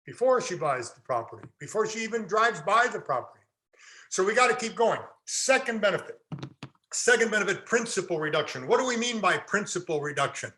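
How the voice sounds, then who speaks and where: Guy teaching a class, fairly high bright voice, keeps asking the room questions n answering them. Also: very animated, brisk. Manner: quizzes the audience and answers himself, folksy jokes. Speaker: real estate instructor. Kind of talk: classroom lecture.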